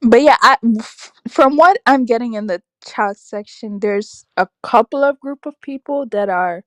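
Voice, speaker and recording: Animated young woman chatting on a livestream. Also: a little high, unhurried, dry recording. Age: young adult. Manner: animated, reacting aloud to chat comments. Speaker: livestream host reading chat. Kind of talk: casual live-stream chat.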